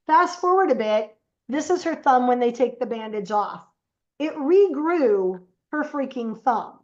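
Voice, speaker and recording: A woman's voice: sits high, lively intonation, normal speed, highs cut off. A woman guest on a podcast, telling stories casually and animatedly and acting out the voices she quotes. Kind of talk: casual storytelling.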